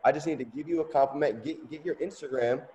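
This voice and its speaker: A man's voice: on the high side, fast, mellow, muffled recording, a little hiss or hum. A man giving an emphatic motivational business training talk, checking in with his listeners as he goes. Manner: emphatic, asks "okay?" often, surges of energy. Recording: long reverb, echoey room.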